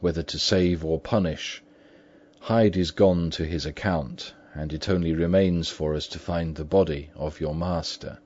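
A man voicing a stern middle-aged male lawyer who speaks forcefully, in a storybook reading. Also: sits low, steady tone, unhurried. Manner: stern, forceful when calling out. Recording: dull lo-fi recording.

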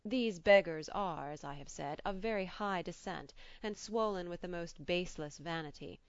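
A woman reading the part of a polite, gently teasing older male doctor in an audiobook, in a measured way. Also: fairly low pitch, clear, resonant tone, no room sound, highs cut off, lightly acted.

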